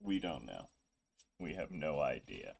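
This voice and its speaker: A man streaming a video game, chatting casually in a rambling, joking, low-key way. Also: very animated, unhurried, gravelly, slightly rough. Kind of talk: casual gameplay stream chat.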